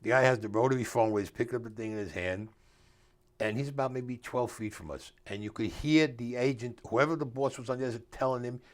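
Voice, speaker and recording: A fast-talking older man with a mid-range voice tells stories as the author guest in a casual interview. He acts out the dialogue in a streetwise style and drops grammar as he goes.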